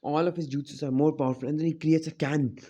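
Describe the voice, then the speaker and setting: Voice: medium pitch, steady tone, fast talker, dark tone. A fan storyteller casually narrating an anime what-if plot off the cuff, rambling with many fillers and self-corrections.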